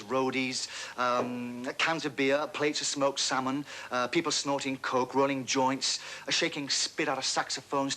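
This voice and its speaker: An actor playing an anxious, rambling fan. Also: male voice, medium pitch, pushed and bright, close to an everyday voice. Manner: musing, self-doubting, talking himself in and out of ideas. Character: earnest adult male fan rehearsing a speech, anxious and rambling. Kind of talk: 1980s broadcast radio drama.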